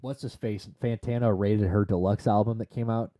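A man co-hosting a podcast in casual chat, rambling and swearing freely with excited tangents. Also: fairly low pitch, moderate pace, no room sound, clean studio sound. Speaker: podcast co-host.

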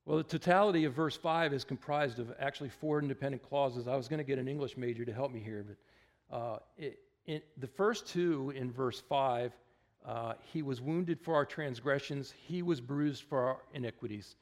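A male pastor gives an easygoing, conversational sermon in a church, his voice at an ordinary middle pitch. He talks plainly and loosely, with dry little asides and plenty of ums and uhs. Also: normal speed. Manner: relaxed and chatty, with wry asides and many fillers.

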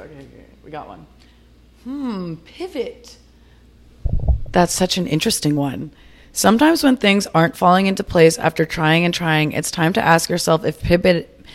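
Chatty young woman hosting a solo podcast. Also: lowish voice. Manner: chatty, upbeat, with fillers and restarts. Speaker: podcast host.

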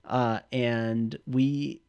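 A man's voice: medium pitch, fairly even intonation, very slow, vocal fry, darkish tone, clean tone, lo-fi sound. A man from the Midwest co-hosting a podcast, rambling casually with lots of fillers and laughs. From Midwest US, Milwaukee. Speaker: podcast co-host.

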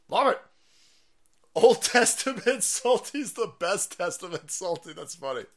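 A man hosts a livestream and rants with a lot of swearing and laughter. His pitch swings wildly, with low grumbles giving way to high, shouted bursts. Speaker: live stream host. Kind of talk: profane political rant on a livestream.

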